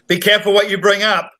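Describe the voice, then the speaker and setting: A man joining a casual online group chat, his voice sitting a little above the usual male pitch. He gives his opinions in an offhand way and hedges them. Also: bright, forceful tone. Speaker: chat participant.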